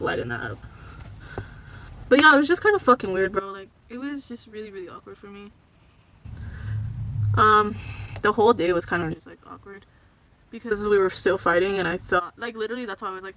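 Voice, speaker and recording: A woman's voice: mid-range voice, fast talker, a bit bright, poor audio. A young woman doing her makeup while telling a story, talking casually and expressively with lots of slang and swearing and the odd Spanish phrase. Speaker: beauty vlogger. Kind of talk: get-ready-with-me storytime.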